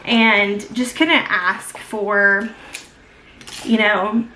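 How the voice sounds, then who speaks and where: A young beauty vlogger talks extremely slowly in a mid-range voice that is bright and forceful, with fairly even intonation and slight background noise. Doing her makeup during a casual get-ready-with-me chat, she gushes and fills her talk with "like" and other fillers.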